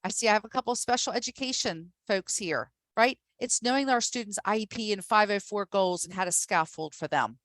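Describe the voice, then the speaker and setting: A woman's voice: medium pitch, brisk, few pauses, fairly bright tone, no echo. A woman presenting a professional development workshop to teachers, upbeat and emphatic, speaking directly to her audience.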